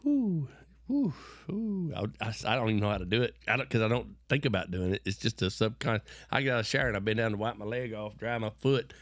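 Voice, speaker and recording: Fast and with hardly any pauses, a middle-aged West Texas man with a West Texas accent tells rambling, folksy stories as an interview guest, repeating and restarting words amid preachy bursts. His lowish voice is steady with a fairly bright tone. The studio-quality recording has no room sound.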